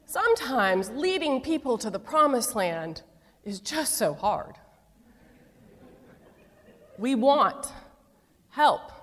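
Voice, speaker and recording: A woman's voice: on the high side, in a large hall. A middle-aged woman pastor preaching a sermon, telling stories with playful asides.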